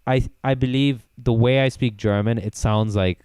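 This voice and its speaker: Guy on a podcast, smooth clear voice, rambly stories, dry close mic. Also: mid-range voice, steady tone, normal speed, a little mellow, no room sound. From not from Austria, lives there. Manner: rambling storyteller, mimics accents for laughs. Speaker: podcast co-host. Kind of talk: casual chat.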